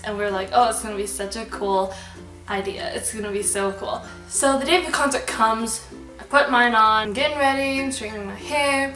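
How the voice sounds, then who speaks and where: Young woman vlogger, excitable and chatty; roomy, slightly distant sound with light background music. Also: a little high. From Alberta, Canada. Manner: bubbly, excitable, rambling with fillers. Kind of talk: storytime vlog. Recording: echoey room, slightly distant mic, soft background music. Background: soft background music.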